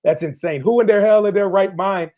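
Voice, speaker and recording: A man's voice: sits high, a little fast. Fired up ex-cop guy, swears a lot, muffled audio. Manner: candid, fired up, swears freely. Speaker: guest, former police officer. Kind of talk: impassioned livestream conversation.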